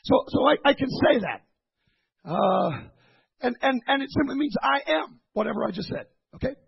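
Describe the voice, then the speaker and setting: A preacher man with an unusually high, very raspy voice delivers a sermon. He stumbles and repeats words while explaining, then climbs to fervent shouts. The recording is muffled and lo-fi. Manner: building from calm teaching to shouted fervor; halting, repeats words with many fillers.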